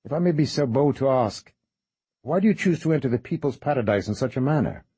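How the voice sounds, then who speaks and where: A man's voice: medium pitch, expressive, brisk, warm tone, slightly rough, pitched above the performer's own voice. A man voicing a polite, salesmanlike man with a vaguely British accent and formal speech. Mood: courteous. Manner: formal, courteous.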